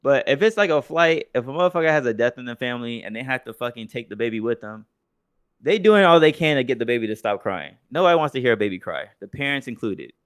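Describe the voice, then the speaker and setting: A man's voice: medium pitch, animated, quick pace, a bit bright, clear, resonant tone, no room sound, studio quality. A young man co-hosting a podcast, chatting casually and swearing freely, telling stories with mocking impressions of other people. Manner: profane, loose storytelling with mocking impressions. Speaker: podcast co-host. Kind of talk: casual chat.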